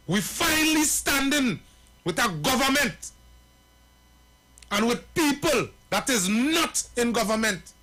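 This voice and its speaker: A man's voice: extremely high pitch, animated, takes it slowly, long pauses, bright, forceful tone. A man with a Trinidadian accent hosting a talk show, speaking in a preachy, impassioned way and addressing the viewers directly with repeated phrases.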